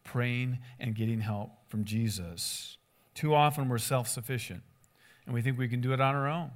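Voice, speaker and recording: A man preaching a conversational sermon as a pastor, animated and acting out voices in the stories he tells. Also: mid-range voice, normal speed.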